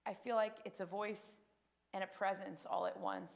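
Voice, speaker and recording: A woman's voice: mid-range voice, moderate pace. A woman giving a spoken personal testimony at church, telling her story with feeling and acting out what others said. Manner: emotional, animated storytelling with acted quotes.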